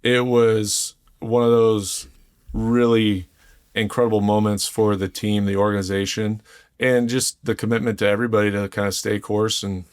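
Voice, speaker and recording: A man in his forties, a former pro quarterback, telling stories in a relaxed, casual chat. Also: on the low side, moderate pace, clear, resonant tone, dry recording, studio quality. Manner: relaxed storytelling, repeats phrases. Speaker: former NFL quarterback guest.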